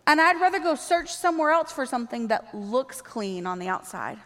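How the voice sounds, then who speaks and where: A woman with a high voice preaches a sermon, her words ringing with the long reverb of a large church hall. She is animated and slips into little acted-out exchanges. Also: moderate pace. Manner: animated, acts out quoted dialogue.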